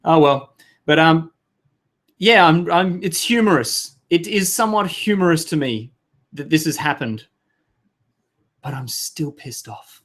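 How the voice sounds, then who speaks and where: A man's voice: sits high, unhurried, long pauses, a bit bright, faint music behind. A man hosting a live webinar, chatty and flustered, swearing and laughing at himself over tech trouble. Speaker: webinar host. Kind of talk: casual live webinar talk.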